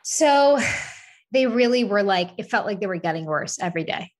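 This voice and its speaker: A woman's voice: medium pitch, lively intonation, normal speed. Candid chatty woman telling a story. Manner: candid, swears casually, many "like" fillers. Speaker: podcast co-host. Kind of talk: casual chat, personal storytelling.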